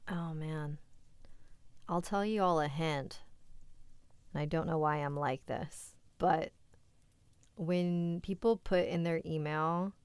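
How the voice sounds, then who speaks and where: A woman with a slightly low, smooth voice reads viewers' scary stories aloud on a livestream. Between stories she turns candid and chatty, talking straight to the chat. Her voice sounds dry and close, with no room echo. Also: slow, pauses often, darkish tone. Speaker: host and story reader.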